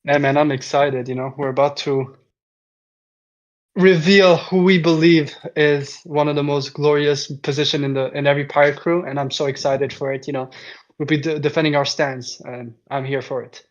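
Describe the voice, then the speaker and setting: A man co-hosting a casual podcast, eager and excited, tripping over his words now and then. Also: fairly high pitch, normal speed. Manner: eager, excited, a bit stumbling. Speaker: co-host. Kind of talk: casual chat. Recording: dull lo-fi mic.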